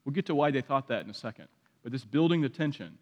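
A man's voice: medium pitch, animated, fast talker, a little mellow, muffled recording. A man preaching a sermon as pastor, reading scripture aloud with dramatic emphasis. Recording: long hall reverb.

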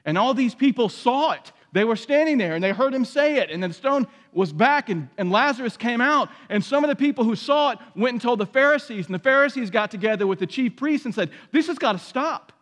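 High-voiced male preacher in a reverberant hall. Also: a little fast, few pauses. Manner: expressive scripture reading with dramatic emphasis. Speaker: pastor. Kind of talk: sermon.

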